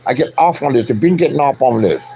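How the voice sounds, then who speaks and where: A man's voice: medium pitch, animated, quick pace, vocal fry, warm tone, slight background noise. An older man, an online commentator, delivering a profane, boastful rant into his phone in a taunting, swaggering manner.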